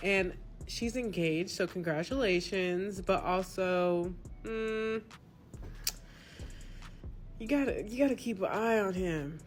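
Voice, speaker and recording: A woman's voice: medium pitch, slow pace, faint music behind. A woman giving casual opinions in a skeptical, easygoing way. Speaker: commentator.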